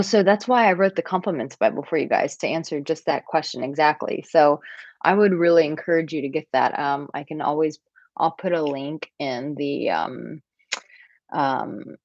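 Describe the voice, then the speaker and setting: Female dating coach, thirties, low-pitched, casual live-stream patter, muffled lo-fi sound. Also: darkish tone, no room sound. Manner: breezy, chatty, reads viewer comments aloud. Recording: dull, dry lo-fi stream audio.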